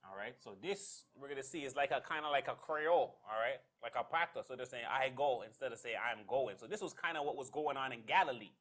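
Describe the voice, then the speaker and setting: A man leading a church Bible study, explaining passages slowly and checking in with "all right?" as he goes. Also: medium pitch, fairly bright tone.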